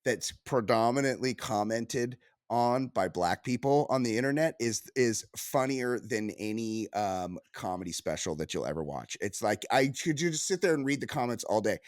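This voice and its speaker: A man co-hosting a podcast, reading news aloud and riffing on it in casual comedic banter, full of restarts and quick asides. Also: medium pitch, no echo, clean studio sound. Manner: animated, riffing, reads news aloud then jokes; frequent restarts and filler yeahs. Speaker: podcast co-host.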